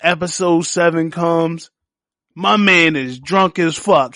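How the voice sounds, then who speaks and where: Man podcast host, higher voice, casual profane series recap, dry close sound. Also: a little slow, no echo. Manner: animated, profane storytelling that acts out quotes. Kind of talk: casual solo TV series review.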